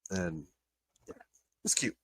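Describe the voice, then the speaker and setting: A man's voice: slow, a bit bright, dry recording. A man co-hosting a casual nerd-news podcast, telling a story with easy laughs and plenty of swearing. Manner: laid-back storyteller, swears and laughs often. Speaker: podcast co-host. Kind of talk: casual chat.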